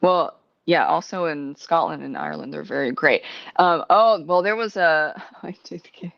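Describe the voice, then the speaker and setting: A woman's voice: low-pitched, expressive, moderate pace, gravelly, no room sound. A woman hosting a podcast, chatting casually, laughing often and swearing freely. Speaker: podcast host. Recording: dry, dull lo-fi sound.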